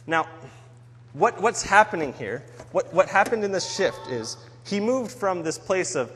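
A man's voice: high voice, sing-song, unhurried. A man giving a sermon on a psalm in an earnest, conversational way. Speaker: preacher. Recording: long hall reverb.

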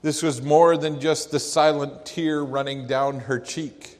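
A man's voice: fairly high pitch, fairly even intonation. A man preaching a sermon, in an earnest and reflective way. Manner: slow, earnest, reflective delivery. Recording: long hall reverb.

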